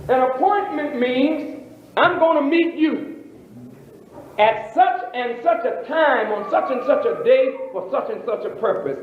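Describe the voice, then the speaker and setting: A man minister preaching a sermon, questioning his listeners with drawn-out, emphatic phrasing, heard in a roomy, dull archive recording. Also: very high-pitched, expressive, slight background noise.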